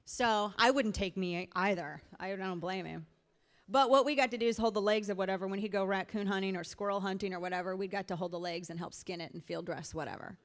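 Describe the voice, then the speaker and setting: A middle-aged woman from the Missouri Ozarks delivers an emphatic rally speech that moves between pointed argument and folksy storytelling. Her voice sits at a middle pitch and carries through a large hall with a long, lingering reverb. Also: a bit bright. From rural Missouri Ozarks. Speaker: political speaker.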